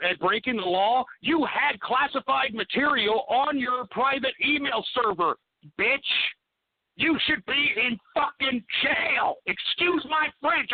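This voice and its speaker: A man with a very high voice hosting talk radio, ranting hard and swearing between calls. The sound is thin and narrow, like it is coming through a phone line. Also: dry recording. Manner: profane, angry ranting. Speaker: radio show host.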